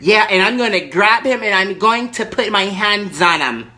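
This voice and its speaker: A man voicing an angry, entitled middle-aged woman on a prank phone call, loud and crude, talking over the other person. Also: sits high, animated, normal speed, pitched above the performer's own voice. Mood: mock apologetic.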